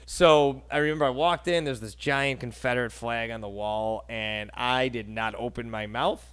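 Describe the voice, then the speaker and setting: Animated New York storyteller man. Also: medium pitch, normal speed, few pauses, clear, resonant tone. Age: 30s. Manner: animated storyteller, acts out quotes, laughs often. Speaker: host. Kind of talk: casual interview chat.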